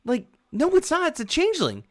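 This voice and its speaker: A man doing squeaky confused city guards. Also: wildly swooping pitch, fairly quick, dry recording, clean studio sound, exaggerated voice. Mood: arguing. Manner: high squeaky arguing voices.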